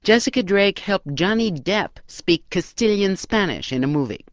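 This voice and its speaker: A woman's voice: medium pitch, animated, normal speed, no echo, dull audio. A woman radio correspondent interviewing a guest with curious, conversational questions.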